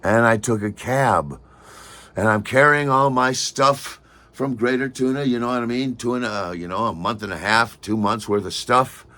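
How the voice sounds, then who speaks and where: A man telling a personal story in a lively monologue, acting out other people's lines with sudden shouts and pitch jumps. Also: normal speed. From Michigan.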